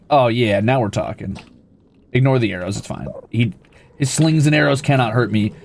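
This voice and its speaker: A man streaming a building game, playful and swearing casually, who jumps into high squeals when greeting creatures and chats with viewers. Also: a little mellow, a little hiss or hum. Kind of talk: live gameplay commentary.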